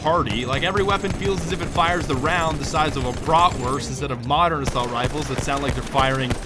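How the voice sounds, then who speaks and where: A man's voice: on the high side, fairly quick. A man doing sarcastic, joking scripted voice-over for a game review. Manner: sarcastic, deadpan jokey. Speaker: gaming YouTuber. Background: background music.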